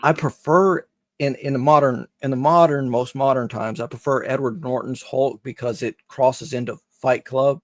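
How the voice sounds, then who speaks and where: A man's voice: mid-range voice, fairly even intonation, moderate pace, dry recording. A man chatting casually on a live stream, rambling and joking and swearing freely.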